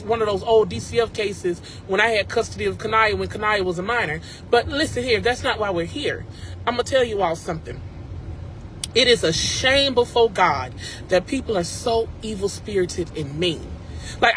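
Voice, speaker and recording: A man's voice: extremely high pitch, a bit bright, poor audio. Upset man vlogger venting in a parked car, emphatic and repetitive, talking straight to viewers over a faint hum of vehicle noise. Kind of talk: casual ranting to viewers. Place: in a car at a drive-thru.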